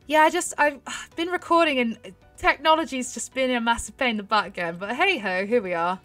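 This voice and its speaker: A young woman chatting excitedly to her viewers while she plays a horse game, giggling often. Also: fairly high pitch, fairly quick, soft background music. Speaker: gaming YouTuber. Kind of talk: casual gameplay commentary.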